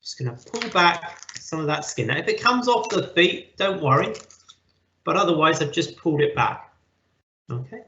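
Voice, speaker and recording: A man's voice: fairly high pitch, animated, normal speed, pushed and bright. Patient man teaching a kitchen class. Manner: patient step-by-step instruction for children. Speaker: cookery teacher. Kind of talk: live online cooking class. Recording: echoey, slightly dull audio.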